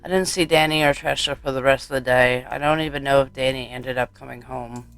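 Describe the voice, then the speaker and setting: A man's voice: mid-range voice, steady tone, a little fast, fairly bright tone, clean tone, soft background music. A man reading a horror game aloud for a let's play, wry and casual, on a close mic.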